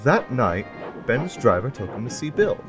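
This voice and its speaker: Lively man narrating a storybook. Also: medium pitch, normal speed. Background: music.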